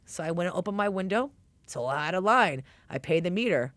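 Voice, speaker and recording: A woman's voice: lowish voice, expressive, a little fast, no room sound. Brash New woman chef, dry sound. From New York. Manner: brash, streetwise, acts out quoted voices. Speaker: guest chef. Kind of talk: animated storytelling in conversation.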